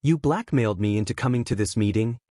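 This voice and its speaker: A man's voice: on the low side, quick pace, dark tone, no echo, clean studio sound, lightly acted. A man voicing an impatient young masked vigilante who talks bluntly. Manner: curt, blunt.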